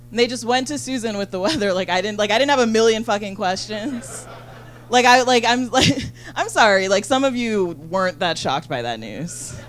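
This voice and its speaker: A woman doing a stand-up comedy set on a handheld mic, talking rapidly and profanely with lots of "like". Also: medium pitch, lively intonation. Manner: rapid, chatty, full of "like" and profanity. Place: comedy venue.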